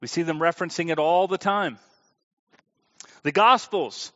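A man's voice: a little high, normal speed, fairly bright tone, lo-fi sound. A man preaching a sermon in an emphatic, conversational way, putting questions to his listeners. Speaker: preacher teaching a Bible class.

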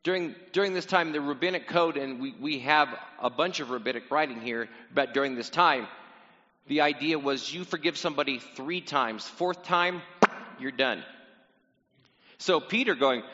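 Pastor guy with a bright, high-ish voice, joking with the congregation, long echo, kinda dull sound. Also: normal speed. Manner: casual, teasing, talks directly to the congregation. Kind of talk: sermon. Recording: dull sound in a reverberant hall.

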